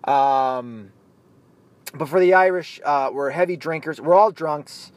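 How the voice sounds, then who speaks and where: A man's voice: on the high side, takes it slowly. A man in a heated solo rant, talking bluntly and swearing a lot. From United States.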